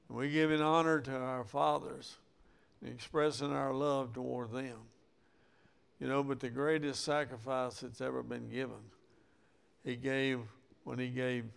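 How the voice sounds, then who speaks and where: Man preaching from the pulpit, gravelly but resonant, slow and emphatic. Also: medium pitch. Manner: preaching with rising emphasis and acted Bible quotes. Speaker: pastor. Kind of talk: sermon.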